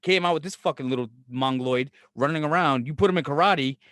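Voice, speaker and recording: Fast-talking, blunt New York man. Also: fairly high pitch, a bit bright, no echo, clean studio sound. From Brooklyn, New York. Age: middle-aged. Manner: blunt, profane, sarcastic. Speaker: podcast co-host. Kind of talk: casual chat.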